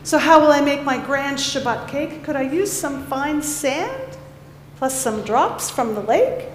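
A woman voicing a flustered, hurried male cricket who begs his neighbor for baking supplies. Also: high voice, animated, a little hiss or hum. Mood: fretful. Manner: breathless, hurried pleading. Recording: echoey hall with faint ambience.

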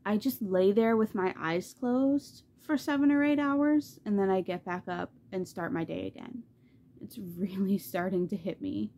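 A woman chatting casually in a reading vlog, animated and loose, swearing freely and saying "like" constantly. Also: medium pitch, a little slow. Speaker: book vlogger.

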